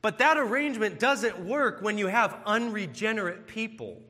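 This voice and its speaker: A male preacher delivers an earnest, emphatic sermon with a lively, swooping pitch. His voice sits high and bright. It hangs in the long reverb of a church hall. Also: moderate pace.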